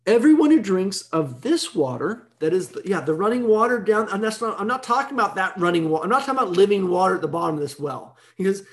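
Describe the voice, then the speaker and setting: A man's voice: high voice, animated, fast talker, few pauses, fairly bright tone. A man giving an evening Bible teaching in a conversational way, explaining step by step and often checking in with "right?".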